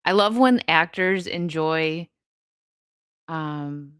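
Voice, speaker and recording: A young woman hosting a live stream, reading chat and chatting casually, laughing often with quick asides. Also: low voice, fairly bright tone, clear, resonant tone, no room sound, clean studio sound.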